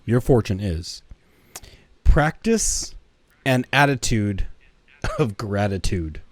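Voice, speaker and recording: A man with a somewhat low voice co-hosting a casual podcast chat, easygoing and announcing things to everybody. The sound is dry and close. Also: expressive, takes it slowly, dry recording. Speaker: podcast co-host. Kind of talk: casual chat, reading fortunes.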